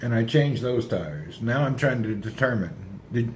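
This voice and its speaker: A man chatting casually on a livestream, rambling and answering his viewers' comments out loud. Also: mid-range voice, animated, measured pace, a little hiss or hum.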